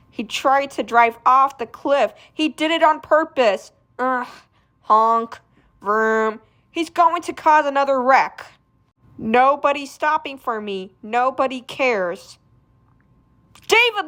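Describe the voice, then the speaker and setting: High bright-voiced woman reading aloud. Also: slow. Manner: shouts sound effects and alarmed lines. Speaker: fan reader. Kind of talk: reading a graphic novel aloud with character voices.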